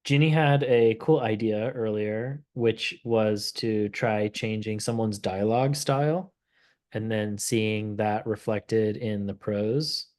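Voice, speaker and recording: A man hosting a casual software demo livestream, relaxed and thinking aloud as he clicks through the tool. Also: fairly low pitch, slow. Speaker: host of a product livestream.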